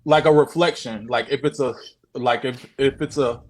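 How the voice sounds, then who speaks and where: A man's voice: medium pitch, normal speed. A man telling his own story on a video call, casual, profane and repetitive, often acting out what people said. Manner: profane, repetitive, animated retelling. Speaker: guest sharing a sighting.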